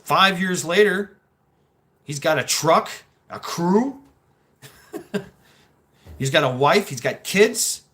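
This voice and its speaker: A man hosting a livestream, talking casually and reacting to chat in a halting, rambling way, with frequent laughs and swearing. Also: on the high side, animated, sharp tone. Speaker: livestream host reading chat.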